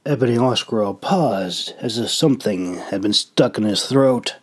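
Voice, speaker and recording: A man narrating a fantasy audiobook in a measured, deliberate reading. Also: lowish voice, animated, breathy edge. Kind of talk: storybook narration.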